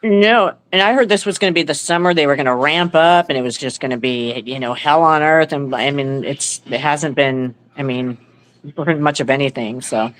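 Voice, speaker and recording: A man's voice: on the high side, normal speed, fairly bright tone. A man co-hosting a livestream, chatting casually about politics and trailing off his points.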